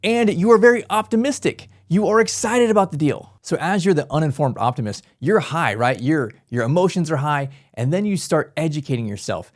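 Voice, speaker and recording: Energetic man with a higher voice. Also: a little fast, few pauses. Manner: energetic, animated, acts out quoted voices. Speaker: business podcast host. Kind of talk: motivational business talk.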